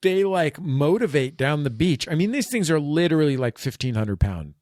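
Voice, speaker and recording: Animated man telling stories, dry studio. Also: a little high, no echo. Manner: animated storyteller, quick bursts with laughs. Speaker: podcast guest. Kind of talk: casual chat. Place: studio table with the hosts.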